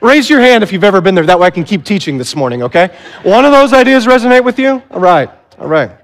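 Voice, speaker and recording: High-voiced preacher in a reverberant hall. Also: male voice, very animated, quick pace. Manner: self-deprecating, asks the audience questions. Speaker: pastor. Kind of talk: sermon. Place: large hall on stage.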